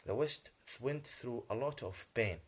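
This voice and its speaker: A male vlogger whose native language is Arabic rambles through an agitated monologue in English. His voice sits at a medium pitch, and he halts often and clears his throat.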